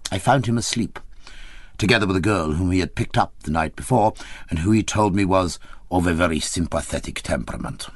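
A man reading an audiobook, telling the story in an expressive, wry way. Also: low voice, a little fast, husky, no room sound, clean studio sound. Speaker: audiobook reader. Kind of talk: audiobook narration of a memoir.

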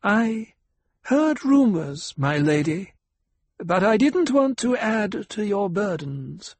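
A man's voice: high-pitched, very animated, slow pace, dry recording, pitched above the performer's own voice, full character voice. A man voicing a reasonable, worried male court doctor who speaks soothingly.

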